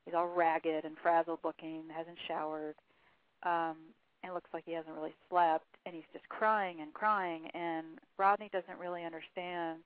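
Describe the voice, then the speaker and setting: A woman's voice: on the low side, little pitch movement, a little slow, no echo. A woman guest on an interview, telling a story at length and reading quotes aloud, with frequent fillers, heard over a phone line. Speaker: author guest. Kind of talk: phone interview, recounting a case.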